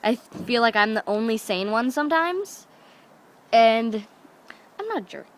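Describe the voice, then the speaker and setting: Brief: young woman vlogger, chatty and rambling, puts on quick voices for family. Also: a little high, animated, slight background noise. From Alaska. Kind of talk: casual storytelling to camera.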